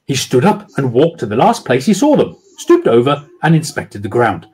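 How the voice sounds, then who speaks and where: A man's voice: medium pitch, sing-song, normal speed, darkish tone, slightly rough. A man, an author, reading his children's book aloud over a video call with dramatic storytelling.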